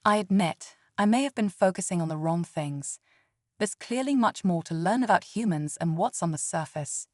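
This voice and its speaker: A woman voicing a curious young female alien visitor in an audiobook story, speaking in a measured, formal way. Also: on the low side, animated, no room sound, clean studio sound, lightly acted. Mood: amused.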